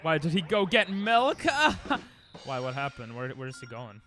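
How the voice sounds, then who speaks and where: With faint music behind him, a young man plays a speedrun on a home stream, joking and rambling to his chat. His voice is on the high side, very animated and a little slow, with a bright, forceful tone.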